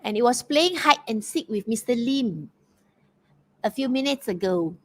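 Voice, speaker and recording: A fairly high-pitched, animated woman with a Malaysian English accent teaches an online poetry quiz at a moderate pace. She encourages and compliments responses, though her talk is cluttered with fillers and hesitant restarts. The recording is low quality.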